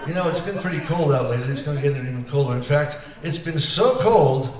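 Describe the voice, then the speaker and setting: Fast and expressive, with a high-leaning voice, a man entertains a senior center crowd between songs with a string of easygoing jokes, doing voices for his characters. Crowd noise is audible, and the distant recording carries a lot of room echo.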